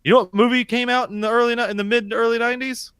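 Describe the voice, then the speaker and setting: A man's voice: extremely high pitch, level tone, rapid-fire, a bit bright, clean tone, dry recording, clean studio sound. A man in his thirties, co-hosting a podcast in casual, profane, joking banter. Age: 30s. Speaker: podcast co-host.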